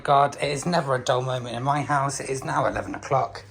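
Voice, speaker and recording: A man's voice: medium pitch, fast, fairly bright tone, faint music behind. A man vlogging casually from home, chatty, with many fillers and free swearing. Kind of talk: casual vlog chat.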